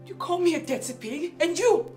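A woman's voice: very high-pitched, animated, moderate pace, darkish tone, faint music behind. An actress with a Nigerian accent playing a married woman caught cheating, pleading and begging over and over. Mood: accusing. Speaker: actress in a film. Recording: roomy room with film score.

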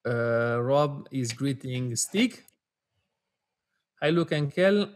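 A man's voice: medium pitch, lively intonation. Male webinar co-host, reads viewer messages in a friendly multilingual way, video call audio. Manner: reads out names and greetings, drifting between languages, quick to laugh.

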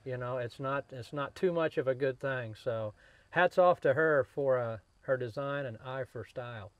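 A man hosting a live-stream trucking show, chatting with guests and pitching a contest in upbeat, folksy promotional patter. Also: normal speed. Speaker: host.

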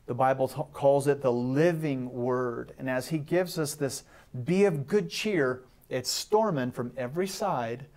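A man giving a short, animated sermon as a guest, acting out the voices in the story with humor. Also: mid-range voice, a little slow, few pauses. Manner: animated, acts out Bible voices and jokes. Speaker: guest pastor. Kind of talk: short sermon on a talk show.

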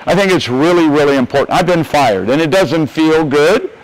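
An older man from the United States speaks at a coaches clinic in a motivational coaching style. His voice sits a little on the high side. He is emphatic and folksy, and he hammers his key points home by repeating them. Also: lively intonation, normal speed, rough recording.

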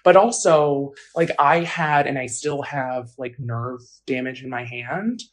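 A woman's voice: extremely low pitch, unhurried. A woman telling her own story in an interview, casual and blunt, with frequent fillers. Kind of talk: personal account in an interview.

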